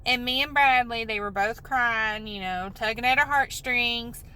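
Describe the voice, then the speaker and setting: Upset woman venting, bright voice. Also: fairly high pitch, a little slow, smooth, poor audio. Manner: upset, rambling, apologetic. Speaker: vlogger. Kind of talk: emotional venting vlog.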